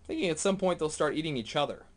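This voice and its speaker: A man chatting excitedly in a casual home vlog, sometimes hushed and whispering, sometimes jumpy and startled. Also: a little high, racing. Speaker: vlogger.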